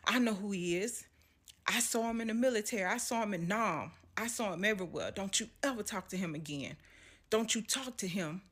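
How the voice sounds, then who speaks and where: A woman voicing her serious, reserved veteran father, giving a low, firm warning. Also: fairly quick, a bit bright, breathy edge. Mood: stern warning.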